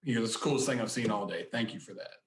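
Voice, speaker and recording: A man's voice: on the low side, very fast, roomy sound, background noise. A man, a podcast guest, casually telling rambling anecdotes and acting out the quotes. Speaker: podcast guest, book collector. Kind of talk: casual storytelling.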